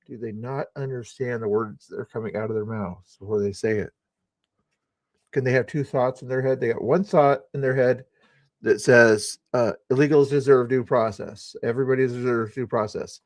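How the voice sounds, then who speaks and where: A man's voice: mid-range voice, dry recording. A man hosting a live news commentary stream, speaking in a sarcastic, scoffing way.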